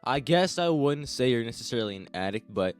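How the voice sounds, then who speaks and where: A man's voice: medium pitch, expressive, a little fast, clean tone, soft background music. A young man telling a comedic story to the camera, rambling and crude, swearing often and talking to the listener as "you". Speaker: storytime vlogger.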